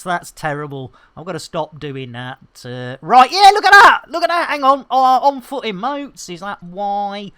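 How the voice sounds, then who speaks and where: A woman chatting casually on a game live stream, greeting and thanking viewers with lively exclamations. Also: fairly high pitch.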